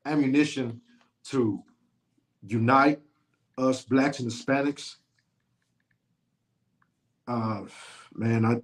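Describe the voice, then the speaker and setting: A man in a casual talk show who speaks fervently, repeating lines for emphasis like a preacher. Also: medium pitch. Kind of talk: preaching-style casual chat.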